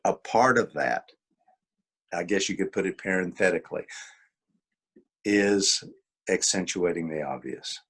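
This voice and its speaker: A man's voice: low voice, lively intonation, unhurried, pauses often, fairly bright tone, husky. A man presenting a workshop as an author, talking informally, repeating key points with emphasis and acting out quoted exchanges. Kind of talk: informal teaching talk.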